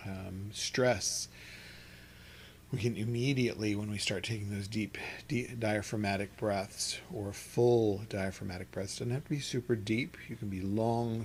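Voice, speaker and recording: A man leading a meditation and chanting class from his home studio, talking in a relaxed, rambling way with soft laughs and restarts. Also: on the low side, a little hiss or hum. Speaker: meditation teacher. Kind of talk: guided chanting instruction. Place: home studio with an open window.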